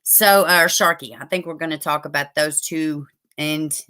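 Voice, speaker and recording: A woman's voice: low-pitched, moderate pace, pushed and bright. A woman hosting a casual livestream, rambling and cursing as she talks straight to her viewers. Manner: loose and rambling, swearing, talking to viewers. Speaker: true crime livestream host.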